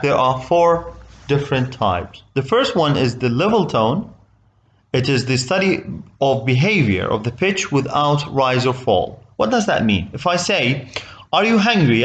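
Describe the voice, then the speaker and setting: A man with an Arabic accent teaching a recorded English lesson, explaining slowly and often checking with "okay?". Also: medium pitch.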